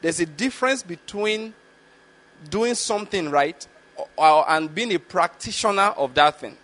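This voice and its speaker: A man teaching from the Bible in a sermon, reading verses slowly and stopping to explain them and check that listeners follow. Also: high-pitched, expressive, a bit bright. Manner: slow, deliberate reading of scripture with explanatory asides; repeatedly checks understanding with the listeners. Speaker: preacher.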